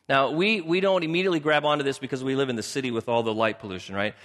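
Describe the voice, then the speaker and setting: A man preaching a sermon as pastor, animated and acting out the people in his story with shifting voices. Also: medium pitch, rapid-fire, hardly any pauses. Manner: animated, acts out biblical characters in shifting voices. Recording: long hall reverb.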